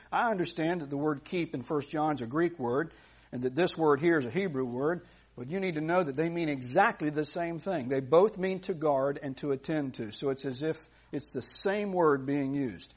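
Man, pastor, emphatic sermon delivery; slightly high voice; muffled lo-fi audio. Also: slightly rough. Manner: earnest, emphatic preaching with frequent restarts. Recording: dull lo-fi recording.

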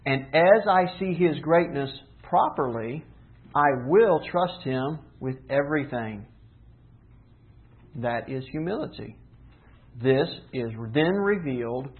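A man preaching a sermon, teaching earnestly with rhetorical questions and slowing down for emphasis. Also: mid-range voice. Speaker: pastor. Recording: tinny phone-like sound.

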